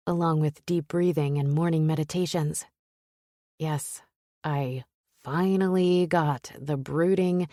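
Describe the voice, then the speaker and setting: A woman narrating a romance audiobook in the first person, with a soft, intimate and breathy delivery. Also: sits low, no room sound, clean studio sound.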